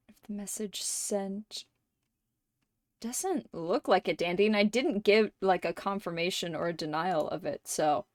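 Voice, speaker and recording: Woman, game streamer, casual chat, swears freely, unhurried, dry close sound. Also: mid-range voice, dry recording. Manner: candid, profane, emotional. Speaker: livestream gamer.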